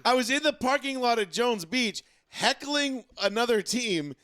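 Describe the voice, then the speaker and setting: Male sports podcast co-host, rambly storyteller, lively pitch, dry booth sound. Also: unhurried, smooth, no echo. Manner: rambling, filler-heavy storytelling. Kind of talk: casual sports talk.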